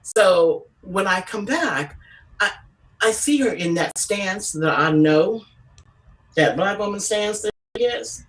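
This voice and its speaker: A woman doing a stand-up comedy set, telling brash, profane stories in an animated way. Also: medium pitch, slow, recorded from a distance, low-quality recording.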